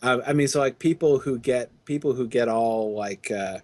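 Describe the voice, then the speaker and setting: A man's voice: mid-range voice, moderate pace, darkish tone, no room sound. A man co-hosting a casual gaming podcast, rambling with lots of restarts and fillers. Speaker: podcast co-host.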